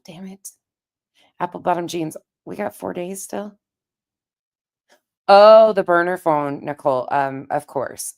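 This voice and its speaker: A woman live-streaming in a casual, chatty way, greeting viewers by name, with a raspy voice. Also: low voice.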